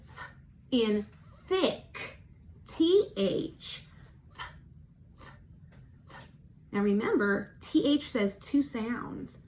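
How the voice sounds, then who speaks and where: A woman teacher giving a recorded phonics lesson for young children, slowly modelling sounds for them to repeat and praising them patiently. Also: a little high, very animated, a little mellow. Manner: encouraging, patient. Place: at home.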